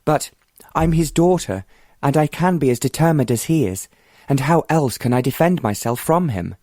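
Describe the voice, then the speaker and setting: A man voicing a bold, determined young woman who speaks frankly and confidingly, in a mid-pitched voice with little room sound. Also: expressive, moderate pace, dark tone, no room sound, studio quality.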